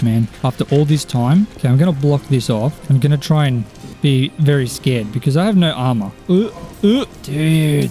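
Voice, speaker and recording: A young man giving excitable gameplay commentary as a video game streamer, often exclaiming and talking to the characters in the game. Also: mid-range voice. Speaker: Minecraft YouTuber.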